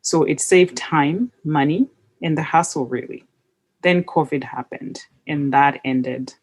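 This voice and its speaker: A woman's voice: sits low, measured pace, breathy edge. A woman hosting a podcast, chatting casually and telling a personal story with plenty of fillers. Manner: chatty, anecdotal, with frequent fillers. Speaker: podcast host.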